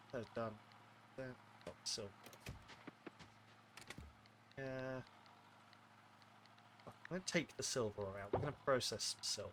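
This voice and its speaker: Playing a game on a live stream, a Welsh-area man keeps up a muttered, casual commentary laced with self-mocking jokes. His voice is fairly low, and there's background noise in the recording.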